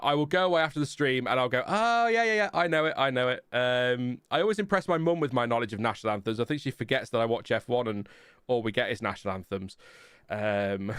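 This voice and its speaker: A man's voice: medium pitch, fairly bright tone, clear, resonant tone, no room sound, clean studio sound. A British man hosting a live race watchalong, chatting casually and joking as he reads viewer comments from his home streaming setup. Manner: chatty, joking, reads chat messages aloud. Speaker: livestream host.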